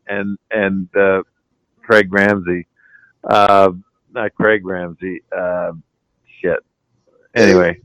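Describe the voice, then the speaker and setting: An older man tells a story in a relaxed, casual way, laughing along and swearing casually as he goes. His voice sits low and comes through smooth and resonant. The sound is dry and close, with no room around it. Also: no room sound, poor audio. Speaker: guest, retired hockey player.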